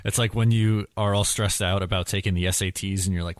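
Man, podcast co-host, casual banter, teasing, lowish voice, dry close mic. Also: fairly even intonation, no room sound. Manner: teasing, chatty, quick to laugh.

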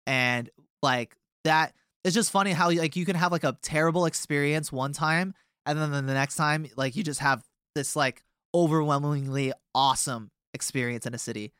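A man's voice: on the high side, normal speed, fairly bright tone, clear, resonant tone, no room sound, clean studio sound. A young man in a band chatting casually as a guest, rambling through a story with lots of filler words. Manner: rambling, many fillers and restarts. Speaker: touring band member, guest.

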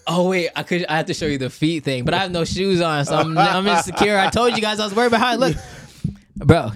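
A man's voice: high voice, fast talker, no room sound, studio quality. A man co-hosting a casual chat, telling a story animatedly and acting out both sides of the conversations. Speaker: podcast co-host.

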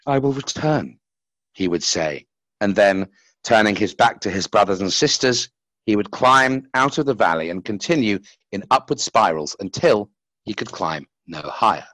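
A man reading a story aloud in an expressive, dramatic way, voicing its characters. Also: moderate pace, no room sound. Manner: dramatic, with wide swings of pitch and loudness.

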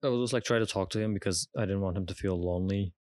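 Deep-voiced man from Turkey, halting chat. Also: dry recording. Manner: relaxed, halting, with many fillers and restarts. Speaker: podcast co-host. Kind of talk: casual chat.

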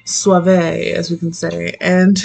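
Brief: young woman, low gravelly voice, loose and profane manga chat. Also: flat delivery, slow, darkish tone, soft background music. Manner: rambling, profane, laughing often. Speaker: manga reviewer. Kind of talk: casual chat.

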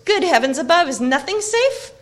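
A woman's voice: a little high, big pitch swings, brisk, a bit bright, voice pushed up. A woman voicing an earnest, anxious young male hobbit in an audiobook reading, with emotional, exclaiming delivery.

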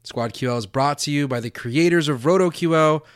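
A man's voice: a little high, fairly quick, smooth, no room sound, studio quality. A man hosting a casual sports podcast, reading an ad and opening the show with energy. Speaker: podcast host. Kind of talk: casual podcast chat and ad read.

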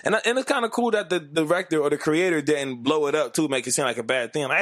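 A man's voice: on the high side, quick pace, hardly any pauses, no echo. A man co-hosting a casual podcast chat. He swears freely and laughs often as he talks. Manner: relaxed, profane, laughs often. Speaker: podcast co-host. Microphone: podcast mic.

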